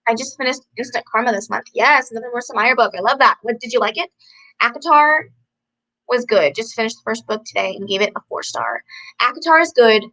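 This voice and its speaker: A young woman chatting from home, her voice bright and rather high. She talks in a bubbly, easygoing way, full of "likes" and little laughs, as she answers viewer comments. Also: rough recording. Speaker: book vlogger hosting a livestream. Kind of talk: casual chat reading viewer comments.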